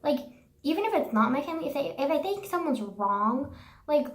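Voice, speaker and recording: A woman's voice: sits high, sing-song, brisk. Profane, ranting young woman in an echoey room. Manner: profane, sarcastic, says "like" constantly. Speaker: vlogger. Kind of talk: casual ranting monologue.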